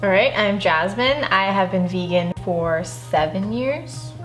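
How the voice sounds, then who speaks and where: A woman's voice: medium pitch, a little slow, a bit bright. A woman chatting casually as a vegan taste tester, in a matter-of-fact way. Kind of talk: casual chat. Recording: roomy room with background music. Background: background music.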